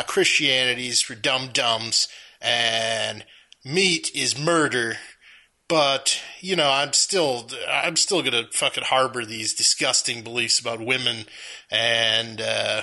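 Bright-voiced sarcastic man. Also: medium pitch. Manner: sarcastic, profane, quick. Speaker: film reviewer. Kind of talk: casual podcast chat.

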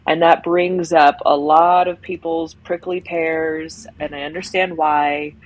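A woman's voice: sits low, fairly even intonation, a little slow, muffled recording. A woman co-hosting a podcast, talking in a reflective, rambling way with many fillers in unscripted conversation. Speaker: podcast co-host.

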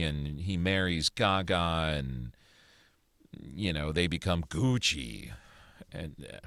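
A man with a low, bright, forceful voice co-hosts a podcast in clean, echo-free studio sound. He chats casually and reviews movies, rambling opinionatedly with restarts and swearing.

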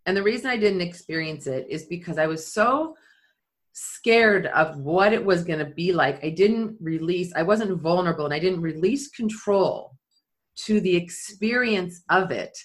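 Woman, storytelling, animated, somewhat low voice, quotes in high bursts. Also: moderate pace. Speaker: skydiving athlete and leadership speaker. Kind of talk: storytelling in conversation.

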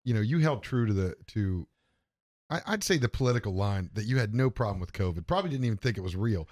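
A man's voice: fairly low pitch, animated, quick pace, darkish tone. Teasing man hosting a family chat. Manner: teasing, dry jokes. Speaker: host. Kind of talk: casual family chat on a home show.

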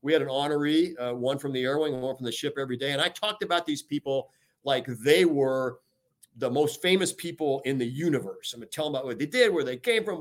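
A retired American admiral, an older man, being interviewed in a relaxed, emphatic way, often using "you know" as he speaks. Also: medium pitch. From United States. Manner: energetic, emphatic, many "you know" fillers. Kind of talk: podcast interview. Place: talking remotely from home or office.

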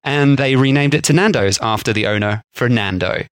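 A man's voice: medium pitch, brisk, smooth, no room sound. A man co-hosting a podcast in casual chat, rambling and laughing often. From England. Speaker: podcast co-host.

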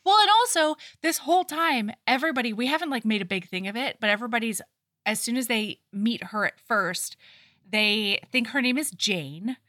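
A woman's voice: on the high side, moderate pace, bright, forceful tone, dry recording, studio quality. A woman co-hosting a casual book podcast, animatedly retelling scenes and acting out characters' lines. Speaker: podcast co-host. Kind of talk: casual book-club chat.

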